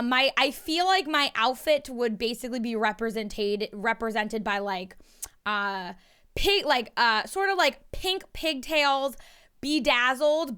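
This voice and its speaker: A woman playing in a tabletop game, chatting casually, giggly and excitable, often laughing. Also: a little high, clear, resonant tone. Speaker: player.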